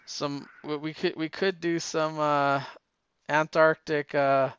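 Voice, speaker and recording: A man's voice: a little high, level tone, slow pace, a bit bright, smooth, no echo, muffled recording. A man co-hosting a casual podcast chat, talking animatedly and often exclaiming. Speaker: podcast co-host.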